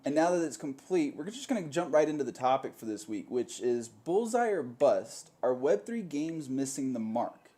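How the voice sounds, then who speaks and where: A man's voice: medium pitch, big pitch swings, normal speed, dark tone. A man hosting a panel web show with upbeat show-host patter.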